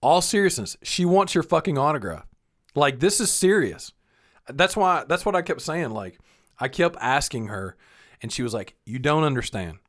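With a voice on the high side and a normal speaking pace, a middle-aged man co-hosts a podcast. He tells stories in relaxed, foul-mouthed chat and is an animated storyteller.

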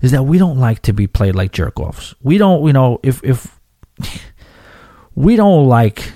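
A man from New York hosting a podcast, telling a travel story in an animated, profane rant full of restarts. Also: mid-range voice, measured pace, no echo, clean studio sound. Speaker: podcast host. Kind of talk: casual storytelling monologue.

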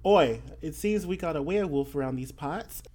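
A player voicing a quirky fairy stranger who breaks big news in a chirpy, brisk way. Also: medium pitch, animated, darkish tone, natural voice.

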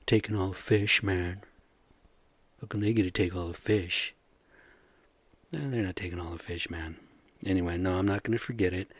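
Angry profane man, fairly low voice, dry close sound, sarcastic rant. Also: dry recording. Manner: angry, sarcastic, profane, drifting between loud outbursts and muttering. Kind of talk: profane ranting monologue.

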